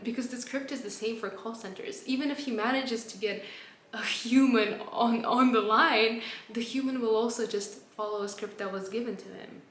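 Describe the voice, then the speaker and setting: A woman with a fairly high voice talks through a poem in an earnest, reflective way, like a tutor explaining it line by line. The room sounds echoey, and a faint hum sits behind her. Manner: earnest, reflective, reads quotations aloud. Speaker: literature tutor. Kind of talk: spoken poetry analysis. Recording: roomy, with faint background noise.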